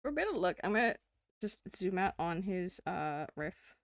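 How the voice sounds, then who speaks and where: A woman's voice: lowish voice, big pitch swings, normal speed, dry recording, clean studio sound. A woman streamer in casual live-stream chat, swearing freely, laughing often and talking to her chat.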